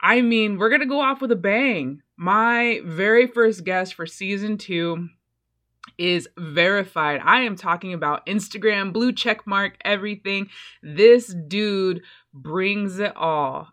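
A woman hosting a podcast, talking energetically and casually, with slang and blunt swearing. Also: mid-range voice. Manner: energetic, slangy, says "y'all"; fighter speaking plainly, swears freely. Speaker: podcast host.

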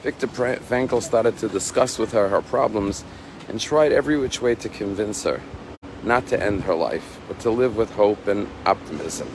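A rabbi giving a measured, emphatic sermon, slowing down to stress key phrases. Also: male voice, on the low side, noisy background.

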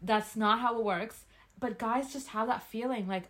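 A young woman from Canada co-hosting a podcast, telling a night-out story in casual, animated chat, laughing often and swearing freely. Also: on the high side, moderate pace. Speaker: podcast co-host.

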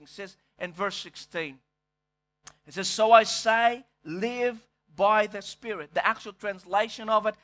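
Male preacher, bright forceful tone, emphatic and halting sermon style. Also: high-pitched. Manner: emphatic preaching, repeats words when searching. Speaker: pastor.

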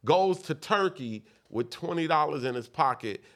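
A man's voice: fairly high pitch, expressive, normal speed, a bit bright. A man telling a long story in casual podcast talk, acting out the other people in his tale. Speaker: guest rapper.

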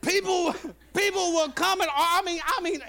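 A man preaching a sermon as a bishop, telling stories and building up to shouted, chanting peaks. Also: extremely high pitch, steady tone, normal speed, creaky. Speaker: bishop and pastor. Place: church.

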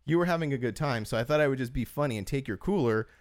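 A man in casual podcast chat, winding through stories with plenty of "like" and restarts. His pitch sits in an ordinary middle range. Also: rapid-fire. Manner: rambling storyteller, heavy use of "like". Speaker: podcast co-host.

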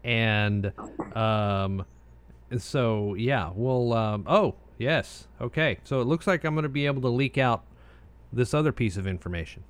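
A man's voice: mid-range voice, measured pace, smooth. An American man co-hosting a casual chat show, meandering easily with frequent asides. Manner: relaxed, meandering, many restarts and filler asides. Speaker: co-host.

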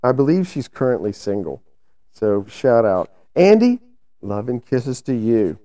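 A man's voice: mid-range voice, sing-song, unhurried, mellow. A man co-hosting a casual podcast, telling loose, rambling stories with some swearing. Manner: loose, laid-back storytelling with profanity. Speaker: podcast co-host. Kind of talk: casual banter.

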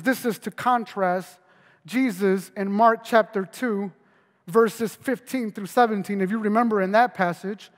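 A man preaching a sermon as a pastor, earnest, stumbling over repeated words and dropping his voice low for emphasis. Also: a little slow, big-room sound.

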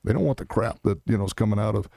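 A man's voice: lowish voice, racing, gravelly, warm tone, dry recording, studio quality. A middle-aged man, a Senate candidate in a political interview, talking bluntly in punchy, emphatic short statements.

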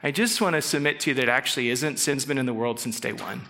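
Bright, lively-voiced male preacher. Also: mid-range voice, gravelly. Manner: conversational, acts out quick quoted voices, drops to soft intense tones. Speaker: pastor. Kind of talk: casual sermon.

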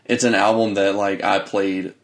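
A man's voice: fairly low pitch, little pitch movement, moderate pace. A man on a podcast in casual chat, laid-back, mostly giving short replies.

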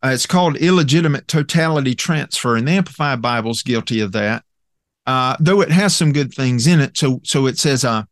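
A man gives an expository Bible lesson in a mid-pitched voice, earnest and emphatic. He pauses often with fillers and asks "okay?" as he goes. The recording is dry and close, with no room sound. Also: expressive, dry recording. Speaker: Bible teacher.

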